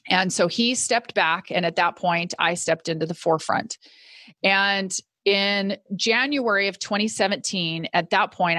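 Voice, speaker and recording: A woman's voice: on the low side, a bit bright, no room sound, studio quality. A middle-aged woman, a podcast guest and business owner, telling a personal story in an earnest way and acting out her past thoughts with animation.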